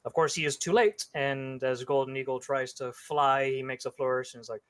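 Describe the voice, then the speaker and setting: Picture a man playing a tabletop game in an ordinary middle-pitched voice. He tells his character's moves plainly, like a story. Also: moderate pace, few pauses, a bit bright, no echo. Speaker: player.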